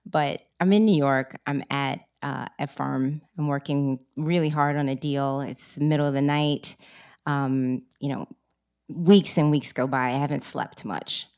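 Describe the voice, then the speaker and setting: A woman, an author, reading from her book and then telling a lively story about her start as a writer. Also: a bass voice, a little slow, clean tone. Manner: lively storytelling, animated quoting. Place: bookstore event.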